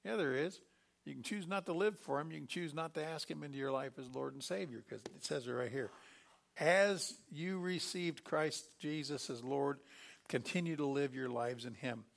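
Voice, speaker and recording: A middle-aged man preaching a sermon, lively and animated, acting out quoted voices with sudden loud bursts. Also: a little high, normal speed, vocal fry. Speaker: pastor.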